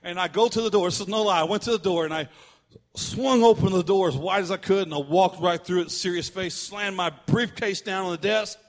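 Animated man preaching in a reverberant hall. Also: fairly quick. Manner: animated, acts out quotes with big swings of pitch and volume. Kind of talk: sermon storytelling.

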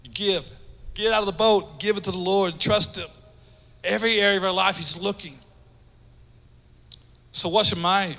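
A man preaching a sermon with passion, building from quiet asides to shouted calls. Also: high-pitched, moderate pace, long pauses. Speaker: pastor. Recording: long hall reverb.

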